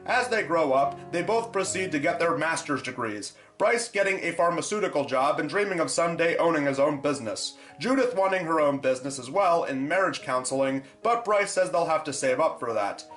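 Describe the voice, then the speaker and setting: A man narrating a comedic film review in a sarcastic, deadpan way. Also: fairly high pitch, brisk, hardly any pauses. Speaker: movie reviewer. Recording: echoey room with faint music.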